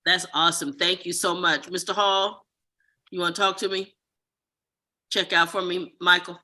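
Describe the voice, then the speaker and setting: A man with a high, very bright voice leads a support group on a video call. He thanks members and encourages each of them to speak. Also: steady tone, normal speed. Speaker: group facilitator.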